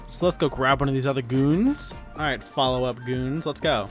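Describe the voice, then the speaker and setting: A man's voice: mid-range voice, lively intonation, normal speed, hardly any pauses. A man giving casual, rambling commentary while playing a building game, often correcting himself and getting sidetracked. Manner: rambling, self-correcting, easily distracted. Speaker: gaming YouTuber. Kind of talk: casual let's-play commentary. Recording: background music.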